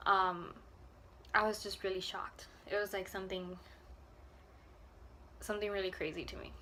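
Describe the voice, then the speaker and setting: A young woman tells a personal story to camera in a casual vlog. Her voice is bright and clear, and she rambles earnestly, full of "like" and "um.". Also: mid-range voice, flat delivery, moderate pace, a little hiss or hum. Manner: rambling, filler-heavy, lots of "like" and "um"; emotional and earnest. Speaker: vlogger.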